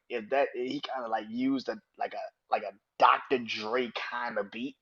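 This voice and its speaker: A male podcast host delivering a heated, profanity-laced opinion rant. His voice sits at an ordinary middle pitch and leaps upward when he gets indignant. The recording sounds a little muffled and lo-fi. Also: breathy edge. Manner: profane, animated, emphatic.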